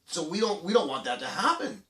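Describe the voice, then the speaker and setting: A man's voice: high voice, very animated, brisk, echoey room, recorded from a distance. A man hosting a children's program, talking casually to kids in a rambling way with many restarts and fillers. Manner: acts out quoted voices loudly.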